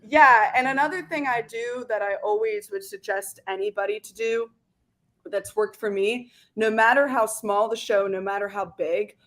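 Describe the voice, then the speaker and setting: A woman singer talking as a guest in a casual interview, chatty and animated, with many "like" fillers. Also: medium pitch, normal speed.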